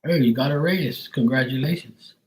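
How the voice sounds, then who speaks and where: A man's voice: mid-range voice, normal speed, low-quality recording. A middle-aged man hosting a livestream, chatting casually and greeting viewers by name. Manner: relaxed, chatty, reads out viewers' names. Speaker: tarot reader on a livestream.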